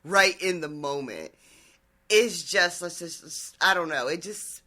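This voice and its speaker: A podcast co-host chatting casually about a show, expressive, laughing a lot and swearing freely. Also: medium pitch, measured pace. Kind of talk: casual recap chat.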